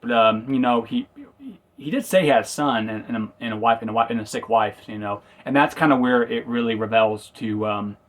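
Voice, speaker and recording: A man's voice: medium pitch, fairly quick. A man casually recapping and reviewing a TV episode, rambling and correcting himself as he goes. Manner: rambling, self-correcting, acts out quotes.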